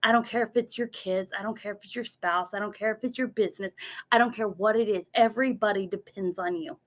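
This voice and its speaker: A woman's voice: mid-range voice, steady tone, quick pace, a bit bright. Earnest motivational woman speaker. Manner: earnest, repeats words, mimics her inner voice. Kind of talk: motivational talk from notes.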